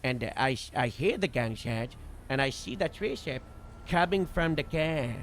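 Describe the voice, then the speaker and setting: A man casually recounting a role-play shift as a streamer, rambling with lots of fillers and animated bursts. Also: mid-range voice, a little slow, slight background noise. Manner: rambling, full of "you know" and "like" fillers; animated retelling with sudden loud bursts. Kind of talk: casual storytelling recap.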